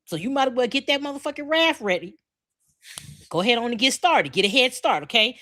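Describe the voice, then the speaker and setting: Brash high-voiced woman ranting. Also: expressive, fairly quick, bright, forceful tone. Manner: brash, profane, repeats herself. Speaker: podcast co-host. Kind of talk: loud comedic rant.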